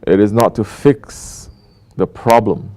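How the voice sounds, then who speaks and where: A man's voice: lowish voice, slow, darkish tone. Man preaching with pointed rhetorical questions. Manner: rhetorical questions, emphatic, mocking quoted apologies. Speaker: Sufi teacher. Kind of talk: sermon.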